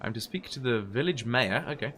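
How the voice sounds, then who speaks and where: Joking, lively man streaming a game. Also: medium pitch, fairly quick. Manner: joking, chatty, laughs often. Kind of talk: casual let's-play commentary, reading quest text aloud.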